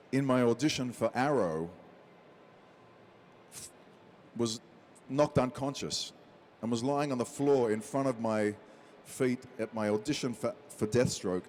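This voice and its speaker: A man in an interview, telling a story with plenty of life and slipping into the voices of the people in it. His voice sits in an ordinary middle pitch for a man. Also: a little hiss or hum. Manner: lively storyteller who acts out quotes. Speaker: interview guest, actor. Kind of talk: animated anecdote telling.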